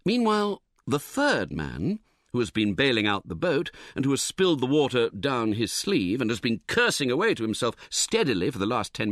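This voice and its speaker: A man narrating a comic novel as an audiobook, in a wry, expressive, theatrical manner. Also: medium pitch, no room sound, studio quality.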